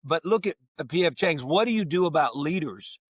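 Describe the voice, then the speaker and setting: Joking man with slightly higher voice. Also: lively intonation, fairly quick, slightly rough, no echo, clean studio sound. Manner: joking, tells funny anecdotes. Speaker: podcast co-host. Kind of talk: casual conversation.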